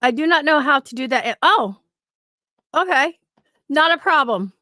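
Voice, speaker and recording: A woman's voice: high-pitched, animated, a little slow, bright, forceful tone, no echo, studio quality. A woman hosting a casual livestream, chatting, swearing freely and greeting viewers from the chat. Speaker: livestream host.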